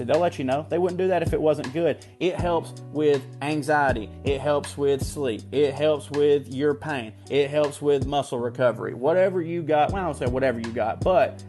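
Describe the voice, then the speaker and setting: A man co-hosting a comedy podcast, reading a sponsor ad in a loose, joking way and swooping his voice up high for emphasis. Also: moderate pace, darkish tone, soft background music. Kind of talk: casual ad read.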